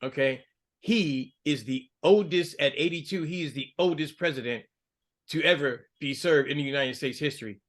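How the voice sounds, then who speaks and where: A man's voice: moderate pace, fairly bright tone. A man co-hosting a political podcast, talking casually and getting heated. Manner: heated, rising pitch when angry. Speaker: podcast co-host.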